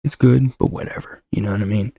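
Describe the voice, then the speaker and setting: Gravelly-voiced man rambling casually. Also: fairly low pitch, fairly even intonation, quick pace, dark tone, no room sound, studio quality. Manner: rambling, joking, talks over himself. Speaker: show host. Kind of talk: casual solo podcast chat. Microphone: desk mic with noise suppressor.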